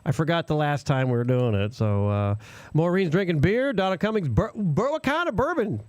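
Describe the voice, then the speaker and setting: Animated man hosting live radio. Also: a little high, normal speed, no room sound. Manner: animated, laughing, mimics accents, rambling asides. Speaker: radio show co-host. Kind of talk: casual live radio chat. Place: small radio studio.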